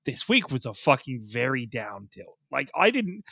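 A man's voice: medium pitch, sing-song, moderate pace, gravelly, pushed and bright, dry recording. A man co-hosting a casual podcast, ranting with constant swearing and exasperation. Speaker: podcast co-host. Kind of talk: casual podcast review chat.

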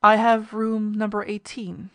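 A woman's voice: medium pitch, flat delivery, measured pace, a bit bright. A woman reading a story aloud, voicing a robust, businesslike male passenger. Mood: firm.

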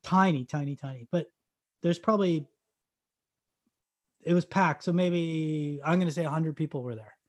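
A man from Canada telling a story in casual chat, acting out the dialogue and bursting into loud excited shouts. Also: fairly high pitch, normal speed, pauses often.

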